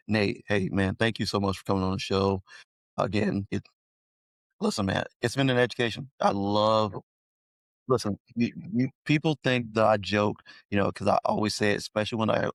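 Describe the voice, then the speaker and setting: A middle-aged male podcast host in casual chat, effusive and halting with many restarts. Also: fairly low pitch, vocal fry, dry recording. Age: middle-aged or older.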